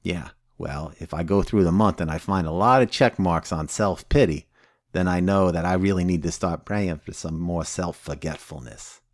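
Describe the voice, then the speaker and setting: A man's voice: low-pitched, moderate pace, no echo, clean studio sound. A man voicing Sober Patty, a blunt, foul-mouthed woman who sponsors people in recovery and teaches the steps casually with constant swearing. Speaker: recovery step instructor.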